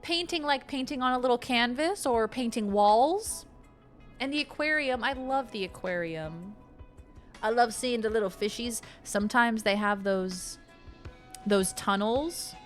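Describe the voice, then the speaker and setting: A woman's voice: fairly high pitch, unhurried, soft background music. A woman streaming a video game, chatting casually and reading the game's text aloud with jokey asides. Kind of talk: casual let's-play chat.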